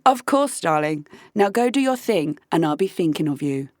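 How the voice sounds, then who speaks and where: A woman voicing a smooth, flattering female AI chat assistant in a lowered, soothing tone. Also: normal speed, no echo, studio quality. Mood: doting.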